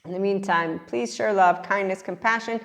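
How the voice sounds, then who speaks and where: Woman hosting a podcast, just chatting away, lots of laughing, lively. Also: mid-range voice, normal speed. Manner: animated, laughs often, talks to listeners. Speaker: podcast host. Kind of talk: casual monologue.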